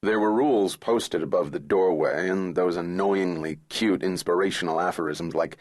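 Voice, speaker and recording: A man reading a thriller audiobook in the first person, measured and somber. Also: low-pitched. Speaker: audiobook narrator.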